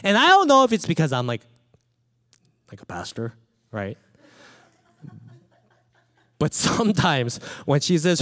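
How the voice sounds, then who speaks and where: A man in his thirties preaching a sermon, telling personal stories in an animated, playful way. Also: high-pitched, normal speed, long pauses. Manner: animated storytelling, acts out his small daughter's lines. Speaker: pastor.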